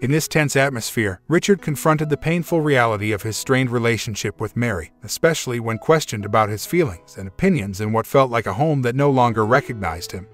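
A male storyteller giving a steady scripted narration of a relationship story. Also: mid-range voice, a little fast, hardly any pauses. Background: faint background music.

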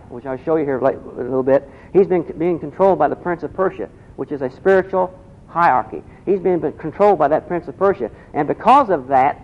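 A man preaching a sermon, asking the congregation questions and repeating key phrases. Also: on the high side. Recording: dull lo-fi recording.

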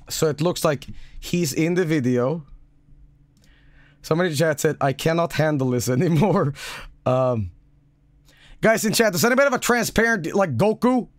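A man with a high, lively voice hosts a live stream in casual, excitable commentary, swearing freely. He talks at an unhurried pace. The sound is close and dry. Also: no room sound. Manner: excitable, profane, laughs often. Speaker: streamer host.

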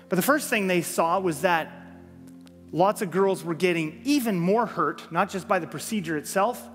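High-voiced pastor preaching in a hall. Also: male voice. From Canada. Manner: earnest, emphatic, repeats phrases for effect. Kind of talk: sermon. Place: church sanctuary.

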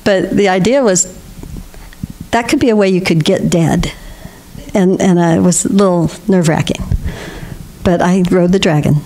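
A woman's voice: lowish voice, moderate pace, a little hiss or hum. Older lady giving a spiritual talk, laughs a lot while she tells stories. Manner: warm storytelling with frequent laughter. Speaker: guest speaker.

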